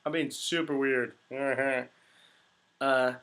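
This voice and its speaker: A man's voice: mid-range voice, fairly even intonation, extremely slow, a bit bright. A man in his twenties, a voice actor, rambling through a casual Q&A with giggles and self-deprecating jokes, his voice a little under the weather. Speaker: voice actor hosting a Q&A. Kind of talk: casual livestream Q&A.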